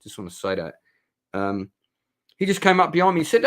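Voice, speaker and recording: A man's voice: a little high, big pitch swings, brisk. A man, casually telling a heartfelt, rambling story as he reviews a night out. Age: 50s. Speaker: vlogger reviewing a club night.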